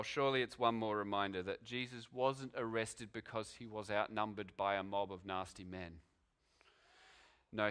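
A man's voice: on the low side, bright, forceful tone, clean tone. A man preaching a sermon, telling it as a story with dramatic rhetorical questions. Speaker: pastor.

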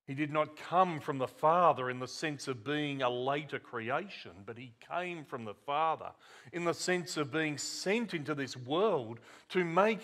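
A man preaching a sermon, deliberate and emphatic, repeating words and dropping to a quiet voice on key points. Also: on the high side.

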